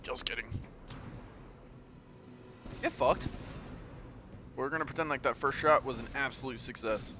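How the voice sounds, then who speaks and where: A man streaming a game and commenting live, excitable and profane, playfully taunting enemies and talking to his chat. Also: mid-range voice, measured pace, pauses often, noisy background.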